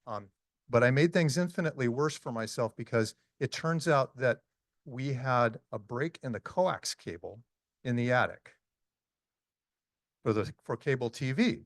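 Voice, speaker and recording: A man in his sixties tells stories at a conference talk, stopping often for ums and uhs. His pitch sits in the middle range, and the recording is dry and close, with no room echo. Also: lively intonation, unhurried. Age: 60s. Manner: chatty, storytelling, frequent ums and uhs. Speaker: conference speaker. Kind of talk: casual presentation talk. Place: meeting hall talk.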